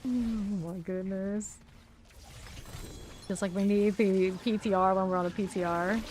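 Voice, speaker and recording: A woman's voice: mid-range voice, steady tone, a little slow, darkish tone, a little hiss or hum. A woman streaming a game live, rambling chattily and laughing often as she plays. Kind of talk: live gameplay commentary.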